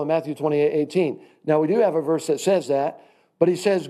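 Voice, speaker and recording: A man's voice: fairly high pitch, fairly quick, mellow. A man teaching a church class in a sermon style, folksy and emphatic, calling his listeners friend.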